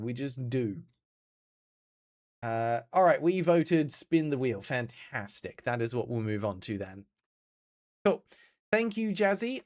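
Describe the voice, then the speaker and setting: An Australian man streaming games, chatting casually and answering his chat as he plays. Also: medium pitch.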